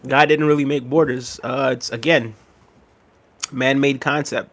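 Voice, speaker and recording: A man's voice: medium pitch, fairly even intonation, measured pace, a bit bright. Laid-back man chatting on a livestream. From United States. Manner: laid-back, chuckles often, reads comments aloud. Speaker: livestream host. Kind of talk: casual livestream chat reading comments.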